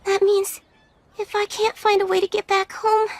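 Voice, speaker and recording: A woman's voice: very high voice, little pitch movement, normal speed, no echo. A woman voicing a polite, easily flustered young witch in an anime English dub, speaking earnestly. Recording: soundtrack music behind.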